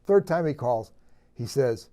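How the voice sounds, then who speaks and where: A man who is a guest sportscaster, telling an anecdote in relaxed, casual talk and stopping now and then to correct himself. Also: mid-range voice, a little slow.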